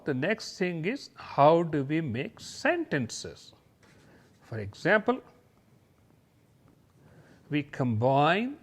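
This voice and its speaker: A man teaching a kindergarten lesson over slides, explaining patiently and slowly. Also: on the high side. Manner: slow, patient, sing-song explaining. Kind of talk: slideshow lesson for young children.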